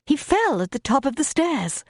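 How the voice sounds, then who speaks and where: A woman's voice: high voice, sing-song, normal speed, no echo, studio quality, pitched above the performer's own voice. A woman voicing a frightened, earnest young governess who pleads in a raised, distressed voice in an audiobook.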